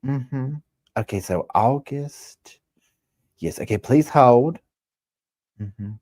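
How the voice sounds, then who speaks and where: Guy putting on a high sweet southern office lady voice, super polite, says please hold over and over. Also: expressive, extremely slow, a little mellow, dry recording, clean studio sound. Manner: overly polite, keeps repeating "please hold". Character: sweet polite Southern small-town woman office worker.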